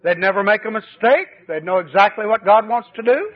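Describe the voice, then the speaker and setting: A man preaching a fervent sermon at a church service, his voice swinging between high exclamations and low, confiding asides. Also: animated, a little fast, husky. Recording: tinny old cassette tape recording.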